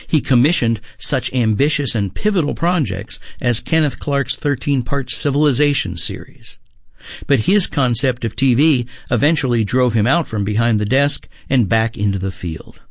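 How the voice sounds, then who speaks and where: A man's voice: medium pitch, no room sound. Man reading a TV review, dry sound. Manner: measured, reading from a script. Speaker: TV critic. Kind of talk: scripted radio review.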